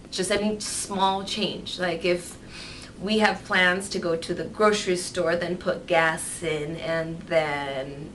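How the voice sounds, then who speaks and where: Woman, candid vlog, bright voice, rambling, frank, curses often, animated. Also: fairly low pitch, slight background noise, rough recording. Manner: rambling, frank, swears freely; animated, mimics voices in quotes. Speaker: vlogger.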